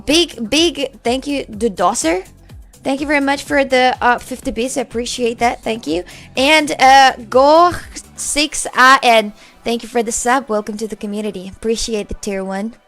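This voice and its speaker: A young woman, streaming live and chatting casually with her chat, loud and swearing freely as she reads messages aloud. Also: a little high, normal speed, soft background music. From Russia. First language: Russian. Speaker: livestreamer.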